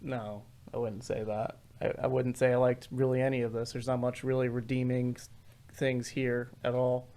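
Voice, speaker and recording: A man co-hosting a casual music podcast, speaking softly and hesitantly, often agreeing. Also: medium pitch, little pitch movement. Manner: slow, hesitant, soft-spoken agreement. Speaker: podcast host. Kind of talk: casual music commentary chat.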